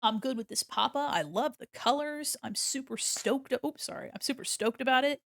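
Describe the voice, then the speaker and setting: A woman's voice: high voice, moderate pace, fairly bright tone, no room sound, studio quality. A young woman streaming while she draws, chatting casually, rambling, laughing often and swearing freely. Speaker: art streamer. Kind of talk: casual live-stream chat while drawing.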